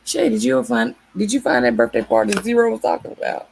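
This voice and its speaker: A woman's voice: a little high, big pitch swings, fast, creaky, darkish tone, a little hiss or hum. A woman hosting a casual late-night livestream, chatting with viewers by name and laughing often. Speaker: livestream host.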